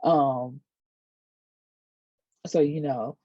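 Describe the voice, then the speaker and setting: A woman's voice: a bass voice, extremely slow, no room sound, highs cut off. Chatty woman recapping an episode. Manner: chatty, animated retelling with acted quotes and casual asides. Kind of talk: casual chat.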